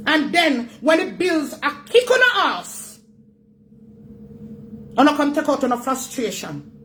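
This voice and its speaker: A woman's voice: high voice, a bit bright, slight background noise, low-quality recording. A Jamaican woman hosting a vlog, scolding and emphatic in her Jamaican Patois, repeating her points as she rants. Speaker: vlog host. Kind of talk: ranting commentary.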